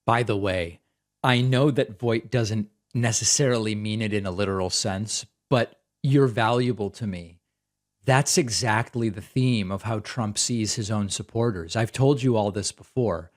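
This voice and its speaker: A man's voice: lowish voice, moderate pace. A man hosting a political talk show, giving sarcastic, incredulous commentary on news clips.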